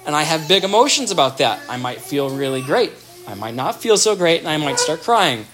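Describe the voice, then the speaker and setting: A man's voice: on the high side, very animated, brisk, over music. A man giving an explanatory talk on child development, thoughtful, with restarts and everyday examples.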